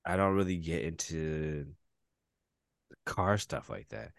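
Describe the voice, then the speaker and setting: A man's voice: clean tone, dry recording, clean studio sound. A man co-hosting a podcast in casual chat, telling stories expressively and laughing often. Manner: slow, deep and expressive, laughing between lines. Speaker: podcast co-host.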